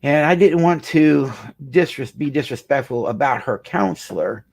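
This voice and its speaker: A man's voice: mid-range voice, lively intonation, measured pace, darkish tone. A middle-aged male marriage counselor telling a client story in an earnest, emphatic way, often repeating phrases for weight. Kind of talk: storytelling talk.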